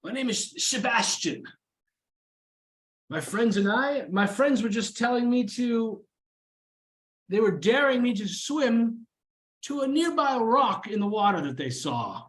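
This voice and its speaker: A man's voice: extremely high pitch, expressive, unhurried, long pauses, a bit bright, pitched above the performer's own voice, heavily acted. A man voicing a young male elf guard who is panicked and indignant.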